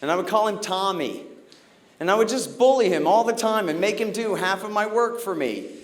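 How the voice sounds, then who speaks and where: A man's voice: high-pitched, expressive, normal speed. A man doing a stand-up comedy set on stage, telling stories sardonically and acting out the people in them. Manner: sardonic storytelling, acts out characters. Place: comedy stage before a live audience.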